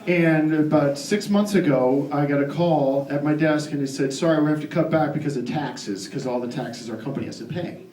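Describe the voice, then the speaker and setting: A man doing character stand-up as an indignant ranting loudmouth, with many restarts. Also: on the high side, normal speed, hardly any pauses, a little hiss or hum. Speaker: stand-up comedian. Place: live comedy venue. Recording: echoey live club recording from far off, crowd laughing.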